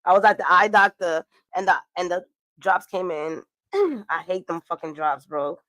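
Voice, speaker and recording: A woman's voice: lowish voice, animated, moderate pace, fairly bright tone, no room sound. Chatty woman reading tarot, dry close sound. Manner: chatty, swearing, laughing asides. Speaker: tarot reader. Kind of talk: casual astrology and tarot reading.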